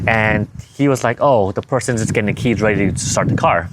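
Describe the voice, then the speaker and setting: A young man with a lowish voice tells a personal story in a loose, rambling way, stopping to correct himself and acting out what he and others said. Steady background noise sits under the recording. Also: a little fast. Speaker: physical therapist. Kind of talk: casual storytelling to camera.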